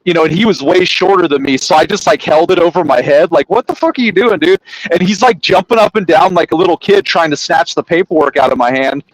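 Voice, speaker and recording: A man's voice: a little high, quick pace, hardly any pauses, no echo, low-quality recording. A man chatting casually on a podcast, telling a work story and acting out the people in it, with plenty of swearing. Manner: animated storyteller, acts out quotes loudly, swears.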